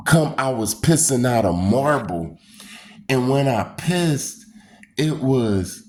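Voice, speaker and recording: Speaking slowly in a medium-pitched voice, a man casually recounts a personal experience using loose, repetitive phrasing. He's animated, acting out the screams and quoted voices in the story.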